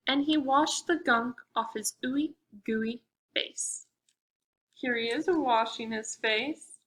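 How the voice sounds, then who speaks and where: A woman librarian leads a preschool storytime, reading aloud in an animated way and asking the children questions. Her voice is bright and she takes her time. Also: a little high, takes it slowly, low-quality recording.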